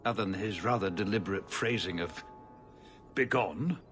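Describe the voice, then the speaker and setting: An actor playing a weary, cautious older city ruler who speaks in a measured, formal way, in video game dialogue. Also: male voice, lowish voice, over music, lightly acted. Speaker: city ruler addressing the hero.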